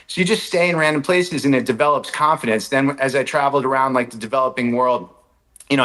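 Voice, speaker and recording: A man from the United States, a podcast guest, telling a travel story quickly, peppered with "like" and "right?" asides. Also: medium pitch, pushed and bright, rough recording. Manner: rapid anecdote-telling with lots of "like" and "right?" asides. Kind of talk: animated storytelling in conversation.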